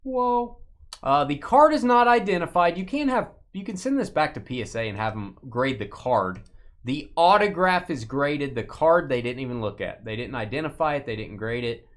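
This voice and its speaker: A man's voice: fairly high pitch, animated, moderate pace. A man hosting a live sports card break stream, chatting casually with playful, rambling jokes. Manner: playful, rambling, jokey asides while opening packs.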